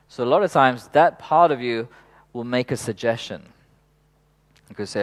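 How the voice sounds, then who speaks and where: A man leading a workshop in an unhurried, reflective way, laughing softly now and then and swearing casually. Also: mid-range voice. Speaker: workshop facilitator.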